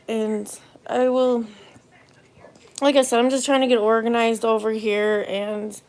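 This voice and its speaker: Unhurried, high-pitched woman streamer, rambling casual chat. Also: a little hiss or hum. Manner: rambling, loose, thinking aloud. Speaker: livestreamer and mother.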